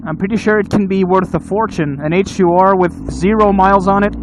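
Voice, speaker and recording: A man with a high voice answers interview questions outdoors, rambling and restarting his sentences. Loud traffic and engine noise roars behind him. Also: steady tone, a little fast. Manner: rambling, restarts and repeats words, laughs often. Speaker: motovlog channel host answering questions.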